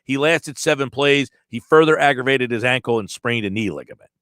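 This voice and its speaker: A man hosting sports talk radio, breaking down a news article with animated delivery and acted-out quotes. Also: mid-range voice, a little fast, no echo, studio quality. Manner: animated, reads article quotes aloud and acts out tones.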